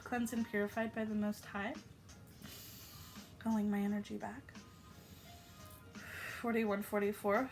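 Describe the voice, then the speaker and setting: A woman's voice: medium pitch, little pitch movement, measured pace, pauses often, a little mellow, faint music behind. A woman giving a casual spiritual message to her viewers, affectionate and encouraging, with loose fillers. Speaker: spiritual YouTube channeler.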